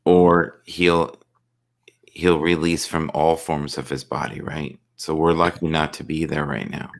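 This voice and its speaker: A man's voice: rumbling low, flat delivery, a little slow, creaky. A man hosting a casual live stream chat, joking and telling offbeat stories, rambling and repeating words as he gets going.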